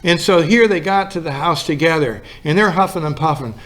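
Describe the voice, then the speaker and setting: A man's voice: a little high, brisk, a bit bright. A male pastor giving a sermon in a folksy storytelling manner, acting out the lines of the people in his story.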